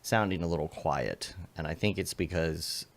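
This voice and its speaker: A man's voice: sits low, moderate pace. A man hosting a podcast livestream, chatting casually and greeting listeners by name in a playful, upbeat way. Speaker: podcast host. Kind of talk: casual pre-show chat on a livestream. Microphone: remote call setup.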